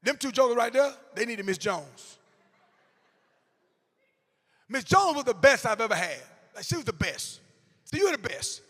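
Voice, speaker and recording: A man in his forties delivers a comedic talk to a crowd of teachers, full of animated storytelling and sudden shouted bursts. His voice sits very high and sounds bright and forceful. A long hall reverb trails behind each line. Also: normal speed. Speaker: motivational comedic speaker. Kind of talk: comedic keynote to educators. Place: large hall before a live audience.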